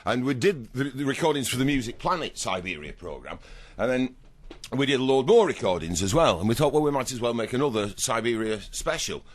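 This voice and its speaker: A man's voice: medium pitch, animated, brisk. A man being interviewed in a radio studio, chatting in a rambling, wry and self-deprecating way. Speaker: guest.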